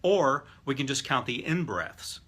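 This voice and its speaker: Bright, husky-voiced man teaching NLP. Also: medium pitch, sing-song, measured pace. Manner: explanatory, demonstrates voices and breathing aloud. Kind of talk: lecture to a live class.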